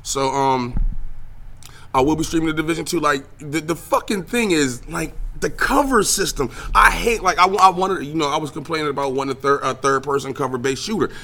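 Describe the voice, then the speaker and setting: On his own podcast, a young streamer with a voice on the high side talks briskly through a profane, animated rant about games and current news. Filler words keep trailing through what he says.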